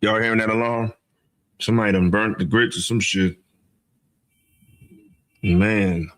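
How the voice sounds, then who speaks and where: A man's voice: lowish voice, fairly even intonation, measured pace, fairly bright tone, poor audio. A man hosting a stream, giving casual, blunt, slangy commentary over a replayed clip. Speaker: host.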